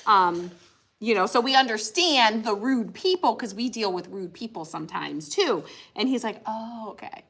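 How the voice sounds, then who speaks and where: Lively chatty woman crafting host. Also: on the high side, moderate pace. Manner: chatty storyteller, acts out quotes. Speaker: livestream co-host. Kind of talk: casual chat while crafting.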